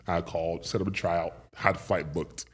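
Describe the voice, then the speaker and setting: A man from Nigeria, a podcast guest telling stories in a lively, animated way and acting out what people said. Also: low-pitched, moderate pace, husky. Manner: lively, animated storyteller acting out quoted voices. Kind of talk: casual interview storytelling.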